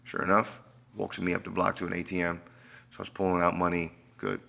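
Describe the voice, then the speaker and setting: A man's voice: low-pitched, little pitch movement, fairly quick, vocal fry, pushed and bright. A middle-aged man, a personal trainer guest, telling a personal story in a casual interview and acting out the dialogue vividly.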